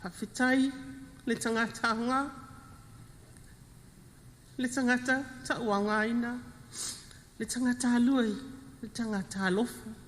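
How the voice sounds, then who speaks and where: A middle-aged Samoan-accented woman speaks at a funeral in halting, heartfelt fragments, moving slowly from one short phrase to the next. Her voice carries a long reverb that rings through the service hall. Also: on the high side, fairly even intonation, slight background noise. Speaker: widow of the deceased. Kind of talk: funeral eulogy.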